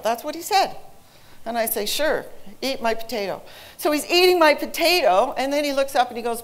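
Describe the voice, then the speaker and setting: A woman in her forties, an English teacher, giving a presentation to an audience with lively, humorous storytelling. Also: high-pitched, brisk.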